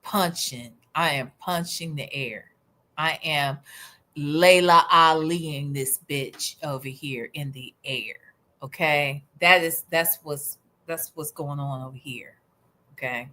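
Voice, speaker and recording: A woman's voice: low voice, slow, sharp tone. A woman hosting a livestream, giving sarcastic commentary in a teasing, mock-outraged manner. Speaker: livestream host.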